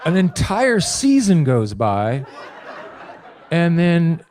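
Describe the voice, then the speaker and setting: A man's voice: fairly high pitch, wildly swooping pitch, slow, darkish tone. A man casually telling funny anecdotes as a guest, animatedly acting out the quotes.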